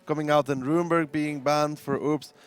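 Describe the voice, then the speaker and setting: A man's voice: a little high, fairly even intonation, normal speed. A man giving esports analysis as co-caster, thinking aloud with frequent fillers. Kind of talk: esports commentary.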